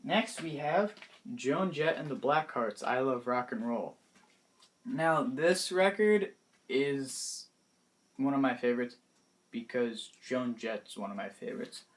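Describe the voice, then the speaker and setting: Hesitant young man chatting casually. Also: mid-range voice. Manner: hesitant, many pauses and restarts, trailing off softly. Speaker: vlogger. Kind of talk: casual vlog about favorite music.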